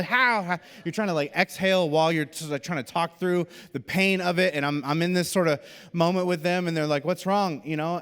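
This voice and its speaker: A man preaching a sermon, telling a personal story and acting out the voices of the people in it. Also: a little high. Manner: animated storyteller, acts out quoted voices. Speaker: pastor. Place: church auditorium. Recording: long hall reverb.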